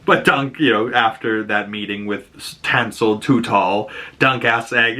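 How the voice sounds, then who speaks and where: A man with a Boston accent hosting a casual podcast, recapping an episode with frequent laughter and quick acted-out character lines. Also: mid-range voice, bright, forceful tone. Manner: laughs often, acts out characters in quick voices. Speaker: podcast host.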